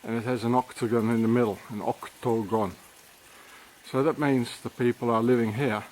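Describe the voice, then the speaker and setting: A man excitedly pointing things out as he walks, talking in a rambling, conspiratorial way outdoors. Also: mid-range voice, normal speed, slight background noise, low-quality recording. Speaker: vlogger. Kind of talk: rambling walking commentary.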